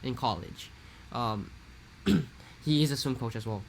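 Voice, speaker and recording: A young man from Hawaii, telling a rambling, animated story in a casual podcast chat. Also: medium pitch, a little slow, gravelly, slight background noise. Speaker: podcast co-host.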